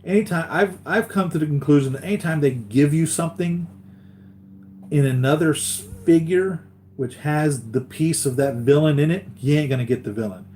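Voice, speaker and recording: A man's voice: a little high, normal speed, a little mellow, a little hiss or hum. A man hosting a live collectibles stream, chatting casually with viewers, tired after a sleepless night and rambling with many restarts.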